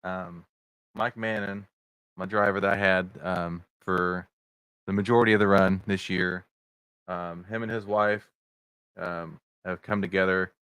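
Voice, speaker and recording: A man's voice: low voice, steady tone, unhurried, pauses often, a bit bright, clean tone, no room sound. A middle-aged man hosting a casual livestream podcast over video chat, rambling with many fillers and greeting viewers in the chat. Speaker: podcast host. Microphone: video chat setup.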